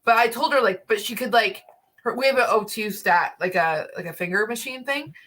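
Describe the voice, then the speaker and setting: High bright-voiced woman, chatty. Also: fairly quick. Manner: breathless, laughing storytelling with many "like"s. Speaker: co-host. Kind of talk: casual livestream chat.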